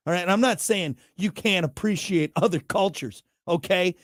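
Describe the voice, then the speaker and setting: A man's voice: sits high, moderate pace, fairly bright tone, no echo, studio quality. Blunt man ranting on his show. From United States. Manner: blunt, worked-up ranting with jokey asides. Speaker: show host. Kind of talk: talk show monologue.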